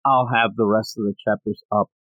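A man's voice: fairly low pitch, steady tone, fairly quick, a bit bright, no room sound, highs cut off. A man hosting a casual podcast, rambling and joking with frequent restarts. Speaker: podcast host.

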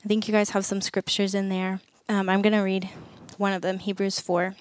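A woman's voice: mid-range voice, level tone, moderate pace, smooth, no room sound. A woman speaking earnestly to parents at a church gathering, conversational, acting out short prayers as she goes. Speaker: women's ministry speaker. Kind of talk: sermon talk to parents.

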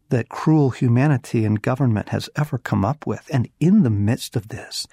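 Slow, husky man reading scripture softly. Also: medium pitch, no echo, clean studio sound. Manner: hushed, earnest, dropping at times to a whisper. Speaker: devotional teacher. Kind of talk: scripture reading with reflective commentary.

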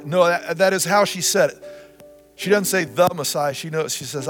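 A man preaching a sermon as pastor, repeating phrases and swinging from loud to soft. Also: on the high side, moderate pace. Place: church sanctuary. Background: guitar music.

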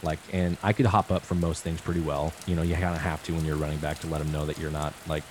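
Deep-voiced young man with rain behind. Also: level tone, fast talker. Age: 20s. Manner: rambling, many "like"s. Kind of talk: casual chat, storytelling. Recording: noisy rain in background.

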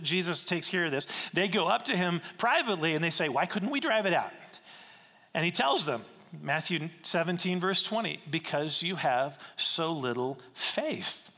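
A man delivering a sermon in an earnest, conversational way, posing rhetorical questions as he explains a passage. His voice sits high and bright for a man. The sound rings with the long reverb of a church hall. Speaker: pastor.

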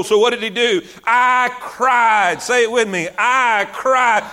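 A male preacher delivers a fervent sermon in a very high, bright voice. He drives his points home through repetition and often rises to shouting. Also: takes it slowly, few pauses.

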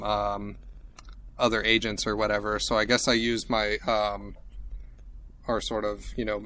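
A man's voice: lowish voice, sharp tone, slight background noise, rough recording. A man playing a tabletop game, talking casually and rambling with many fillers. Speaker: player.

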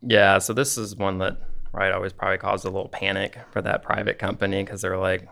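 A man explaining technical accounting rules on a podcast, steady and methodical, with frequent filler phrases. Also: low-pitched, a little fast, gravelly. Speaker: accounting expert guest.

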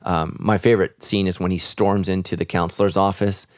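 A man's voice: low voice, flat delivery, fairly quick, dry recording, clean studio sound. A man, a pastor, speaking earnestly and reflectively in a podcast conversation about faith.

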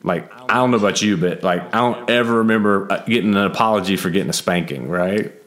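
Lowish-voiced dad telling a candid story. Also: male voice, fast talker, fairly bright tone. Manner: candid storytelling with frequent "like" fillers. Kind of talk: casual conversation.

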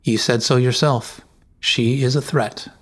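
A man voicing a cunning young noblewoman who speaks softly, slowly and needlingly in a storybook reading. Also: mid-range voice, fairly even intonation, breathy edge. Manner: soft, slow, needling.

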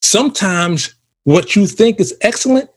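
A man co-hosting a casual ministry podcast, telling animated stories and acting out quotes. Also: sits high, unhurried. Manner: animated storyteller, acts out quotes. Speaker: podcast co-host. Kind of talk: casual chat about ministry.

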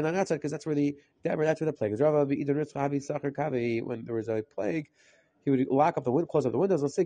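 A man giving a rapid Talmud lesson, reading through Aramaic text in a quick chant and translating it as he goes. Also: a little high, mellow, no room sound. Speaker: Talmud teacher. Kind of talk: rapid daf yomi lesson.

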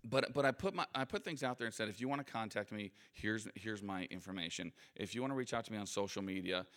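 Low-voiced man telling stories to an audience. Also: a bit bright. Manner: conversational, self-deprecating storyteller. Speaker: guest speaker. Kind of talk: anecdotal motivational talk. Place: in front of a live audience.

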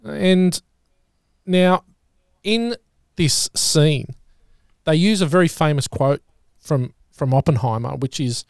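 A man hosting a podcast in casual chat, relaxed and often restarting his words. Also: a little high, slow, gravelly, no room sound, clean studio sound. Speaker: podcast host.

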